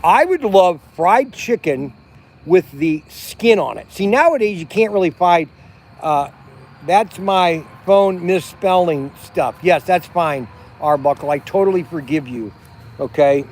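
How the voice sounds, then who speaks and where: Chatty middle-aged man, high voice. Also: lively intonation, a little slow, a little mellow. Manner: rambling, chatty, many restarts and fillers. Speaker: vlog host. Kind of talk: casual livestream chat. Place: outdoors at a campground by a fire at night.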